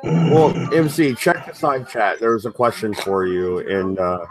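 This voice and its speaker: A man's voice: fairly low pitch, a little slow, over music. A man in casual voice chat banter, laid-back and teasing.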